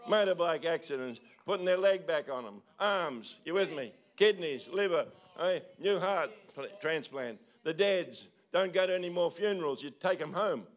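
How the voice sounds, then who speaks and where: A man, a pastor preaching a sermon in a church service, urging his listeners with repeated calls and quick tag questions. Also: on the high side, lively intonation.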